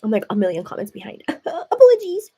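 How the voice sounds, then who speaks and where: A woman with a fairly high voice chats casually on her home live stream. She tells her story in an animated way, with lots of "like" and "you know" as she goes. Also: brisk, breathy edge. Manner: chatty, animated, heavy use of "like". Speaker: livestream host. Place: at home, seated.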